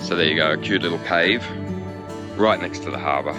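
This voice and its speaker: Chatty Australian man with a low voice. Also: a little fast, loud music behind the voice. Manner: chatty, jokey, talks to himself. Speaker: cycling vlogger. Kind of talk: casual vlog commentary. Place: outdoors in a harbourside park.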